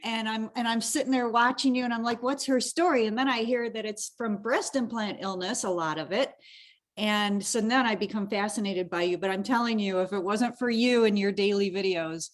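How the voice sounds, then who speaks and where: A woman's voice: mid-range voice, moderate pace. A woman hosting a podcast, chatting casually and emotionally with her guest, often restarting her sentences. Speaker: podcast host. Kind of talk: casual interview chat.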